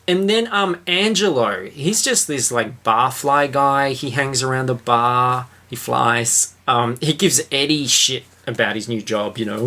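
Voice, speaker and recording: A man's voice: mid-range voice, a little slow, hardly any pauses, sharp tone. A man hosting a podcast, chatting casually and jokily about a book and its film, with a lot of fillers. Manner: rambling, jokey, lots of fillers. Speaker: podcast host.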